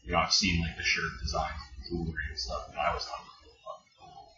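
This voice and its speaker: A man's voice: very deep voice, level tone, fast. A man co-hosting a casual podcast chat, laid-back, laughing often and swearing casually. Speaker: podcast co-host. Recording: roomy, dull, noisy home podcast recording.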